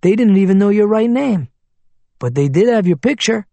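A man's voice: high-pitched, animated, normal speed, vocal fry, dark tone, no room sound, pitched above the performer's own voice. A man voicing a folksy, plainspoken male motel manager in an audiobook. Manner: folksy, ungrammatical drawl.

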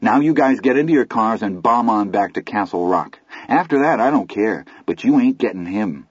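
A man reading the part of a tough twelve-year-old boy in an audiobook, speaking quietly, steadily and tauntingly. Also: lowish voice, lively intonation, moderate pace, breathy edge, no echo. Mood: defiant. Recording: slightly muffled recording.

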